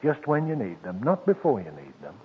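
A man preaching a sermon, slow and emphatic, dropping soft and then lifting his voice again. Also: medium pitch, huge pitch swings, a little hiss or hum. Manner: slow, emphatic, with soft drops and sudden lifts. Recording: tinny old radio broadcast with long reverb.

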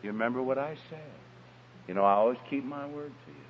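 A man doing a soft-spoken, firm mother. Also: mid-range voice, quick pace, breathy edge, pitched below the performer's own voice, close to an everyday voice. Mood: gentle firm. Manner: soft, gentle, quiet. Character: kind, calm, firm mother. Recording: dull recording in echoey hall.

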